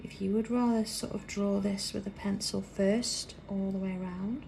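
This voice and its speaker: A British woman hosting a live craft tutorial, chatting as she works and dropping to a soft whisper while she draws. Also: mid-range voice, fairly even intonation, normal speed, vocal fry, slight background noise. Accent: British English. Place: busy indoor craft workroom.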